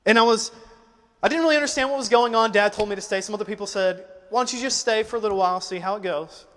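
A young man preaching a sermon, moving from loud, driving exhortation to quiet, emotional personal storytelling. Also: sits high, fast, big-room sound. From United States. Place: church auditorium.

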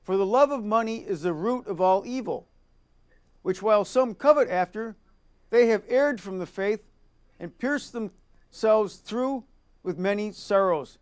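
A man's voice: high-pitched, a little slow, clear, resonant tone. A man preaching a sermon, reading scripture aloud and repeating key lines for emphasis.

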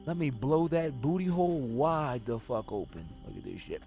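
Excitable, profane young gaming streamer guy. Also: medium pitch, normal speed, vocal fry, hardly any pauses, soft background music. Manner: profane, excitable, swings from muttering to yelling. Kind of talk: live gameplay commentary.

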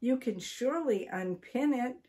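A woman's voice: a little high, expressive, unhurried, mellow, pitched above the performer's own voice. A woman doing a bossy, scolding old wife. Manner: scolding and impatient. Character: bossy, impatient elderly wife. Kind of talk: storybook reading.

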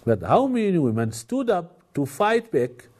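A man giving a televised religious lecture in English, preaching emphatically, repeating phrases and jumping up in pitch to stress points. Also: very animated, a little slow, darkish tone. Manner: emphatic, repetitive, with sudden rises in pitch. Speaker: Islamic preacher.

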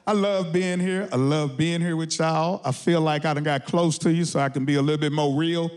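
High-voiced stand-up comic man. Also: a little fast, hardly any pauses. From Texas. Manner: animated storytelling with shouted punchlines. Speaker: stand-up comedian. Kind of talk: stand-up comedy set. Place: studio stage with a live audience.

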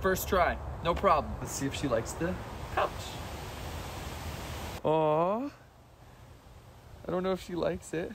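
Brief: man vlogger, casual and playful, lively swoops into baby talk for his pet. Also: fairly high pitch, takes it slowly, creaky, long pauses, background noise.

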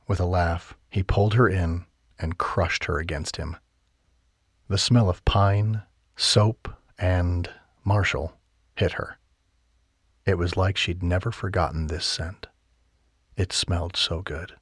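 Low, husky male audiobook narrator. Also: steady tone, takes it slowly, long pauses, no echo. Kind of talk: scripted narration.

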